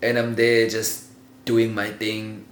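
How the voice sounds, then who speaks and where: A man telling a childhood story in a casual, animated way, laughing often and swearing freely. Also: lowish voice, takes it slowly. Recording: roomy echo with faint ambient noise.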